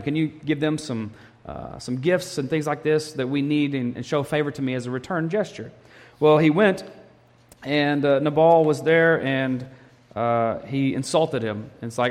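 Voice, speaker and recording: A man preaching a sermon, animated and storytelling, acting out the quotes of the people in the story. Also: fairly high pitch, in a large hall. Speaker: pastor.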